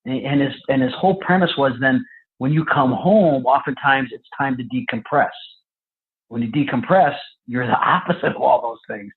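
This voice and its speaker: A man, a police trainer and podcast guest, telling stories in a lively, conversational way. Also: medium pitch, moderate pace, vocal fry. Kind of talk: storytelling interview answers. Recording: tinny phone-like line.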